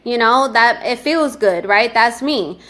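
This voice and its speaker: A New York woman with a New York accent and a highish voice speaks at a measured pace as a real estate agent guest on an interview show. The casual chat is animated and full of fillers.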